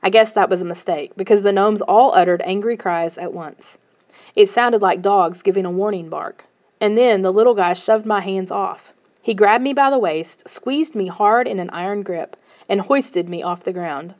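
A woman narrating a first-person children's novel in a steady storytelling manner. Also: mid-range voice, normal speed. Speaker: audiobook narrator.

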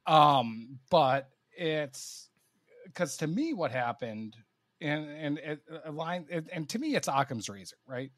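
A man's voice: fairly high pitch, slow pace, dry recording. Podcast guy, dry close mic, gets fired up and trips over his words. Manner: animated, stammering restarts. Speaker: podcast co-host. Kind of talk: casual sports podcast chat.

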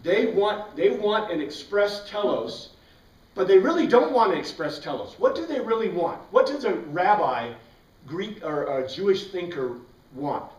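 The Bible class teacher fires questions at the class and then supplies the answers on his own, speaking a little slowly in a high voice with lively intonation. Because he's far from the microphone, the room sounds distant, roomy and dull.

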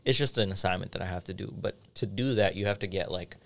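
A man's voice: sits low, fast, vocal fry. A young man co-hosting a podcast, chatting casually in a studio and telling a story with frequent laughs. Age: young adult. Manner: laid-back storytelling, laughs often. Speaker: podcast co-host. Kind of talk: casual chat.

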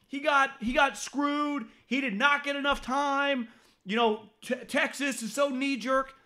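A man's voice: steady tone, a little slow. A man hosting a sports podcast, blunt and profane, with stammering restarts as he gives his opinions. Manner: mocks critics in a high shouting voice. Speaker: podcast host.

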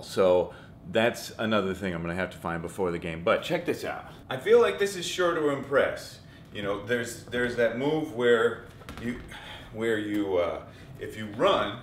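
A man's voice: lowish voice, reverberant, slight background noise. A man in his thirties chatting casually for a family vlog, self-mocking and rambling, out of breath at times. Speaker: vlogger. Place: home photo studio room.

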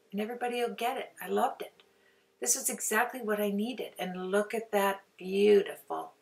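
A woman's voice: medium pitch, vocal fry, a bit bright, distant mic. An older woman chatting casually through a card-making tutorial, rambling and sometimes dropping to a near-whisper.

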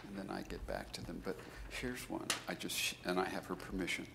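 A man, a business school professor, giving a conference keynote as an animated storyteller who jumps into high, emphatic bursts. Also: a little fast, gravelly, noisy background.

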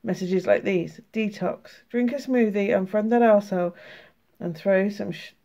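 A woman's voice: medium pitch, normal speed, mellow, muffled recording. A British woman with a sore throat, chatting casually and laughing while she reads out oracle cards, swearing freely. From United Kingdom. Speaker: tarot and oracle card vlogger. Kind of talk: casual card flip-through, reading cards aloud.

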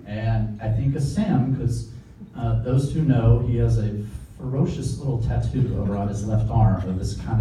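A man's voice: on the low side, mellow. Guy in his 30s doing a best man toast at a reception, heard from far back, lots of echo. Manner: jokey, reading a letter aloud from notes. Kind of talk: wedding toast. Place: wedding reception room. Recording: echoey room from far off, noisy.

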